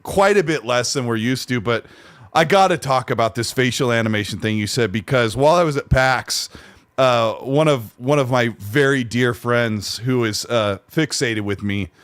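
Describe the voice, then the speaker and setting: A man's voice: mid-range voice, normal speed, fairly bright tone, smooth, dry recording. A man hosting a casual podcast chat, conversational, at times reading aloud from his notes. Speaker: podcast host.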